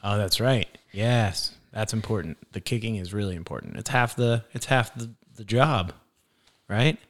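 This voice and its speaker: A young father chatting casually with his little daughter in a playful, gentle, teasing way. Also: lowish voice, normal speed.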